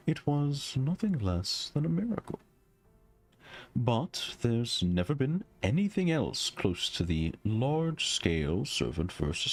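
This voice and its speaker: A man's voice: deep voice, gravelly, husky, exaggerated voice. A man doing a refined, scholarly detective.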